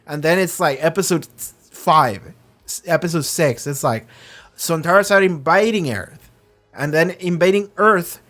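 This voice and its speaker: Excitable, foul-mouthed TV show reviewer. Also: mid-range voice. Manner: excitable and rambling, swears freely; acts out characters in quick voices. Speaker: reaction channel host. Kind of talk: casual review chat.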